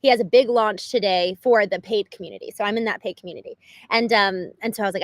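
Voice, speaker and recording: A woman hosting a livestream, talking unscripted in an earnest, animated way, with lots of "like" and quick restarts. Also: mid-range voice, no room sound, rough recording. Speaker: livestream host. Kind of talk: unscripted reflective monologue.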